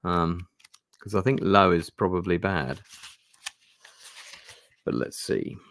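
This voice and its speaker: Reading and playing a fantasy gamebook, a streamer narrates casually with frequent hesitations and the occasional swear word. His voice sits low and fairly bright, moving at a slow pace.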